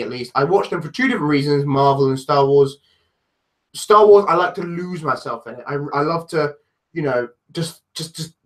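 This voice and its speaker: London guy rambling on his livestream, kinda high voice, lots of restarts, puts himself down a lot. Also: a bit bright. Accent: London English. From London, England. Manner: rambling, self-deprecating, many restarts. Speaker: livestreamer answering chat. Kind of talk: casual live stream chat.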